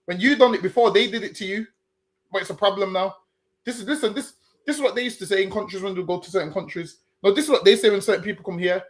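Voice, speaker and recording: An Englishman with a notably high voice argues his case earnestly. He reasons aloud and often trips over his words and starts again. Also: quick pace. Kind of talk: casual discussion.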